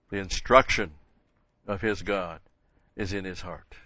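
A man's voice: sits low, unhurried, long pauses, sharp tone, no echo. An older man teaching a Bible lesson in a sermon, stressing key words and repeating phrases for emphasis. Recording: dull lo-fi sound.

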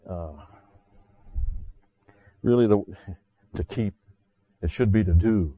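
Low-voiced preacher, dull dry recording. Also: male voice, slow, pauses often, dry recording. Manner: conversational preaching with frequent "see" and asides. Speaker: pastor. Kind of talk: sermon.

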